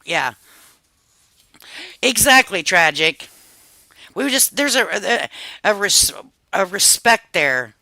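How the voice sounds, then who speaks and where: A woman in her fifties hosting a livestream, chatting casually with viewers in a sassy, animated way and laughing often. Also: mid-range voice, takes it slowly, long pauses, dry recording. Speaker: livestream host. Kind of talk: casual chat reacting to viewers.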